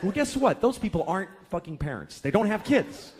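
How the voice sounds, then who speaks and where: A man's voice: high voice, very animated, fairly quick, darkish tone. A man doing a stand-up routine, telling stories in a profane, exasperated way. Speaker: stand-up comedian.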